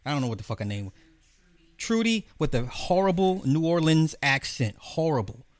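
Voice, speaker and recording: A man's voice: fairly high pitch, very animated, moderate pace, dry recording. A man giving a casual, profane, rambling film rant, talking straight to his viewers. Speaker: streamer reviewing a film.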